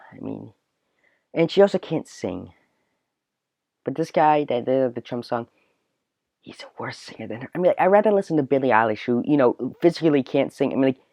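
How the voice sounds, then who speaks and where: A man's voice: mid-range voice, animated, moderate pace, creaky, long pauses, a little mellow, dry recording. A man hosting a solo podcast, ranting in a rambling way full of filler words. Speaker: podcast host. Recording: dull, dry, lo-fi recording.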